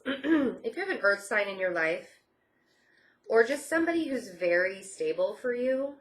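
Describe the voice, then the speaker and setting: A woman gives a casual tarot reading in a mid-range voice that sounds pushed and bright. She is reassuring, repeats phrases, and keeps saying "I feel like."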